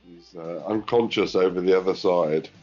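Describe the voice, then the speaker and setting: A man voicing a polite gentleman character in a tabletop game, reporting in a formal, measured way. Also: low-pitched, lo-fi sound, soft background music, voice pushed down. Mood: deferential.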